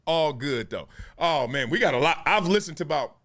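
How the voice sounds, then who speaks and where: A man, giving playful, animated casual commentary on sports media. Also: a little high, brisk. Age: 40s. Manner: animated, playful, acts out quotes in voices.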